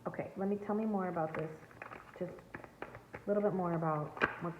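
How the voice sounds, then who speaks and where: A woman's voice: on the low side, fairly even intonation, fairly quick, background noise. A woman giving an earnest, emphatic tarot reading to her viewers from home. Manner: earnest, emphatic, spiritual coaching tone. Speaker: tarot reader. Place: home, near a backyard. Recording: echoey, tinny phone-like sound.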